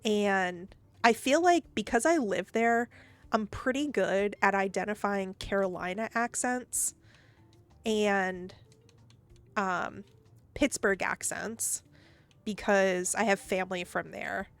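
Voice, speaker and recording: A woman's voice: medium pitch, slow, soft background music. A woman streaming a game and chatting casually, rambling and laughing easily. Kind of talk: casual gaming stream chat.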